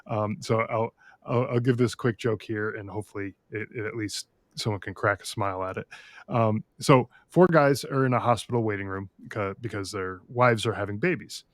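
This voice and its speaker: A man hosting a podcast in casual chat, friendly and loose, with plenty of filler words and restarts, on a close mic. He keeps the talk relaxed and informal. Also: on the low side, moderate pace, no echo. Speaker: podcast host.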